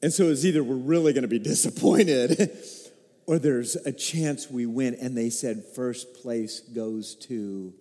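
A middle-aged male pastor preaching a sermon, telling stories emotionally and building to excited peaks. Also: mid-range voice, unhurried. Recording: long hall reverb.

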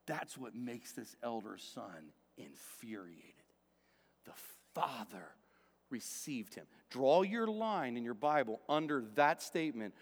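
A male pastor preaching a sermon, swinging from loud emphatic passages to quiet, low stretches. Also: very animated, a little slow, hardly any pauses, long reverb tail.

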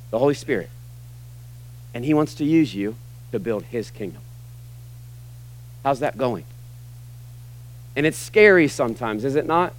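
A man delivering a sermon in a loose, conversational way, joking at his own expense before landing firm, emphatic appeals. His voice sits a little on the high side for a man. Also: rough recording. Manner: conversational, self-deprecating, emphatic. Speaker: pastor.

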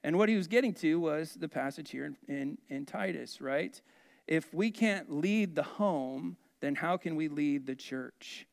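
Male pastor, slightly high voice, conversational sermon delivery, questions to the congregation and humorous asides. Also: a little slow, creaky.

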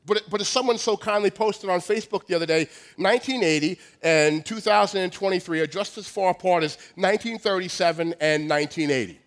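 Here a forties-aged pastor from Long Island, New York, nasal and carrying the local accent, preaches in a high voice at a slightly quick clip with few pauses. The sermon pokes fun at himself and has lots of restarts.

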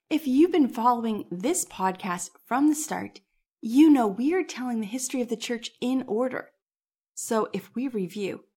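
A woman with a slightly high voice hosts a history podcast. She narrates from a script in a measured, explanatory tone. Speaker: podcast host.

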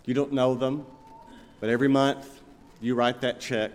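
A man's voice: mid-range voice, steady tone. Preaching man in a ringing hall. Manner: storytelling, emphatic, with slow pointed phrases. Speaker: pastor. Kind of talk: sermon. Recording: long reverb of a large hall.

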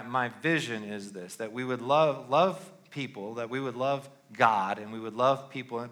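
A man's voice: mid-range voice, sharp tone. A middle-aged male pastor giving a sermon in a loose, conversational way, often checking in with "all right?".

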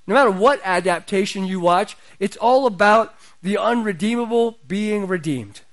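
A middle-aged man preaching a sermon in a conversational way, his voice climbing higher and louder as he builds up. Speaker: pastor.

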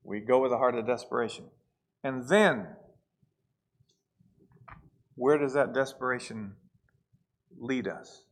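A man preaching a sermon, swinging between hushed asides and loud, pleading passages. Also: mid-range voice, slow pace, long pauses. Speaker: pastor.

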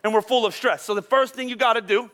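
A man preaching as a pastor, telling a funny personal story in a lively, self-deprecating way before giving sermon points. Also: extremely high pitch, fast talker. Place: church auditorium.

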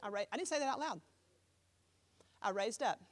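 A woman pastor preaching a sermon with animated storytelling, acting out the voices of the people she quotes. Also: on the high side, normal speed, long reverb tail.

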